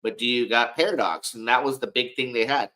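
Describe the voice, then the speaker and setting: A man's voice: mid-range voice, brisk, pushed and bright, low-quality recording. A man talks casually to his livestream viewers. He rambles and circles back, repeating words as he goes, yet sounds frank and self-assured. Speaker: livestream host.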